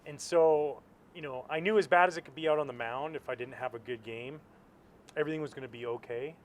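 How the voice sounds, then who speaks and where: Relaxed reflective man from Canada. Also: a little high, fairly quick, slight background noise. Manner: relaxed and reflective, filler-heavy. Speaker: interview guest, former pitcher. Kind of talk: casual interview chat. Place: outdoors at a ballpark.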